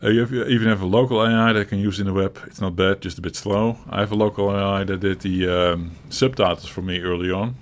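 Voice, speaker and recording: Chuckling Dutch-accented man, lowish voice. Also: steady tone, fast talker, hardly any pauses. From Netherlands. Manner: rambling and chuckly, with frequent restarts and swearing. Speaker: co-host of a gaming chat show. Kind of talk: casual chat. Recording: audible typing and background noise.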